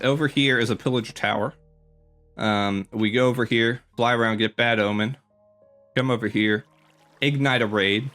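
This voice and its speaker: A man gives a loose, meandering commentary as he tours his game world. His voice sits at an ordinary middle pitch, and he keeps stopping to correct himself and fill gaps with ums. Faint music plays underneath. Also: a bit bright. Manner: rambling, filler-heavy, self-correcting. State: slightly out of breath. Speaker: gaming YouTuber. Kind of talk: casual game commentary tour.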